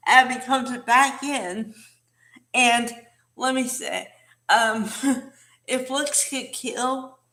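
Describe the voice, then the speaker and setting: A woman's voice: on the high side, a bit bright. A woman casually recapping a soap opera episode, chatty with many fillers and asides.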